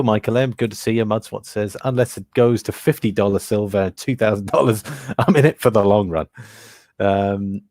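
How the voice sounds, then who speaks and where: A man's voice: mid-range voice, darkish tone, no room sound, studio quality. A British man hosting a casual livestream about metals prices, thinking aloud with many fillers and reading out viewer comments. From Britain. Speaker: livestream host.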